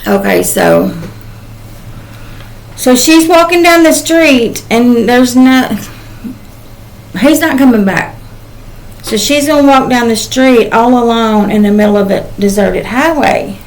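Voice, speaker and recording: A woman's voice: a little high, very animated, takes it slowly, long pauses, slight background noise, rough recording. Rambling older woman giving a channeled reading. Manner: rambling and emotional, with frequent "um"s. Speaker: psychic channeler. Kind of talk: casual spoken channeling reading.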